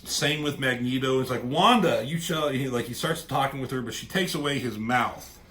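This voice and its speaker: A man casually reviewing a comic book storyline, rambling and excited, with casual swearing. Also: mid-range voice, a little fast. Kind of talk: casual chat.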